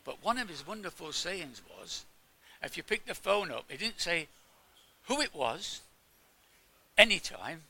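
A man's voice: high voice, sing-song, measured pace, bright, forceful tone. An older man from England giving an informal sermon, chatting with his congregation and asking them questions. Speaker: preacher.

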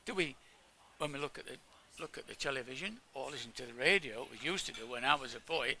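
A man's voice: mid-range voice, expressive, fast, bright, forceful tone. An older man from England giving an informal sermon, chatting with his congregation and asking them questions. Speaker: preacher.

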